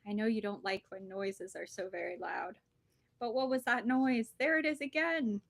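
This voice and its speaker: A woman's voice: flat delivery, moderate pace, vocal fry. A fretful worried snake , as a woman reads him. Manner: worried, pleading, higher than her usual voice. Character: anxious fretful male snake.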